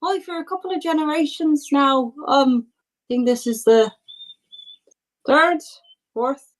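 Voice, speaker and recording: A woman's voice: sits high, measured pace, voice pushed up, poor audio. Old carter, rambles and hesitates; a woman voices him in a tabletop game. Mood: chatty. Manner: rambling, hesitant, full of fillers. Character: chatty old male cart driver, coughing.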